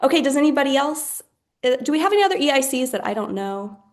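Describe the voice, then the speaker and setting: A woman's voice: sits high, very animated, fast talker. A woman moderating an online poetry gathering, thanking people in a chatty way with frequent fillers, on a video call. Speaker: host and moderator. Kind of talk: casual online wrap-up.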